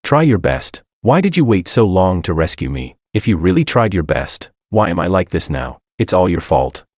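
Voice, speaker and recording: Guy doing a furious spoiled wife, shrill and sneering, pitch swings all over, dry sound. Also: sing-song, moderate pace, darkish tone, dry recording, exaggerated voice. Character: bitter disabled young wife, selfish and furious.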